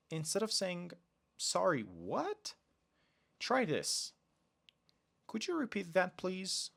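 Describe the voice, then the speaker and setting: A man's voice: a little high, creaky. A man, teaching polite phrases in a podcast lesson. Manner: slow, deliberate delivery with lively emphasis on example phrases. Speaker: English teacher, podcast host.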